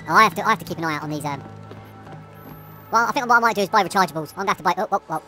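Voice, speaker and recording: A woman's voice: on the low side, very fast, long pauses, sharp tone, faint music behind. Jumpy, swearing woman gamer. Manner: jumpy, swears a lot, nervous laughing. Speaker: let's play gamer. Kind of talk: horror game commentary.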